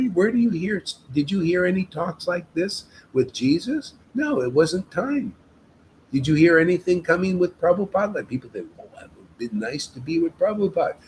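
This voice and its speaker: A man's voice: high-pitched, sing-song, normal speed, darkish tone, slight background noise, low-quality recording. Emphatic man exhorting listeners. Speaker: devotional meetup leader. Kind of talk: informal spiritual talk.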